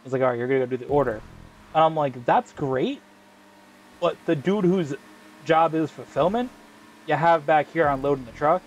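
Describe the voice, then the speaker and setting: A man's voice: on the high side, brisk, muffled recording, a little hiss or hum. A man hosting a gaming video, telling a long story in casual, profane chat full of slang fillers. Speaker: gaming channel host. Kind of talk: casual chat while racing in a game.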